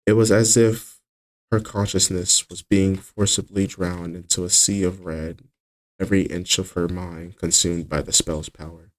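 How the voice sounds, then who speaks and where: A man narrating his own fantasy book as an audiobook, steady with occasional slips and restarts. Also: sits low, measured pace, poor audio.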